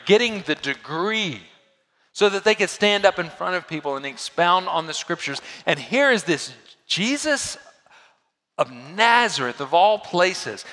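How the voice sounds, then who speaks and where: A man preaching a sermon as a pastor, swinging from loud emphasis down to hushed, quiet lows. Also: long reverb tail.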